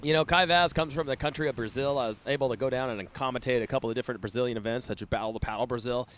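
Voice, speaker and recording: A man's voice: mid-range voice, rapid-fire, fairly bright tone, a little hiss or hum. A man calling a live surf contest play-by-play, enthusiastic and often laughing. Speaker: surf commentator. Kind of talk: live sports commentary.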